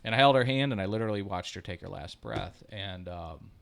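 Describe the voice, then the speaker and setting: A man's voice: fairly low pitch, brisk, gravelly. Profane, rambling Midwestern man telling stories. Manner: profane, rambling, swings from loud laughing retellings to quiet reflection. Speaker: podcast co-host. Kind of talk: casual storytelling chat.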